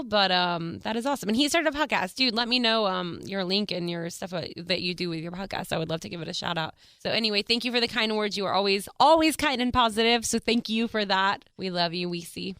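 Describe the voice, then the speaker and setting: An American woman hosts her own podcast in a casual, gushing chat, breaking into laughs often. Her voice sits at a middle pitch and is recorded close and dry, with no room sound. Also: lively intonation, quick pace, few pauses, a bit bright, dry recording. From United States. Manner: bubbly and gushing, with frequent laughs. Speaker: podcast host.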